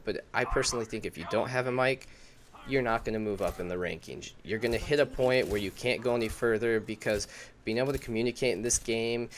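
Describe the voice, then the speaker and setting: A man's voice: medium pitch, a little hiss or hum. A young man giving casual gaming advice to his viewers in a chatty, informal way, full of fillers and restarts. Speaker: gaming YouTuber.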